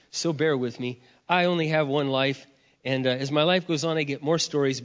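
A middle-aged man preaching a sermon, telling a personal story in an expressive, animated way, his voice surging loud and dropping low. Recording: dull sound, long reverb of a hall.

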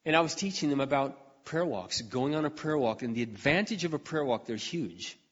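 A middle-aged man preaching in a large hall, his voice trailing off into a long reverb. He tells his story earnestly, clears his throat often, and now and then surges into fervent cries. The recording sounds slightly dull and muffled. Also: mid-range voice, lively intonation, brisk, a bit bright. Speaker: pastor. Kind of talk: sermon.

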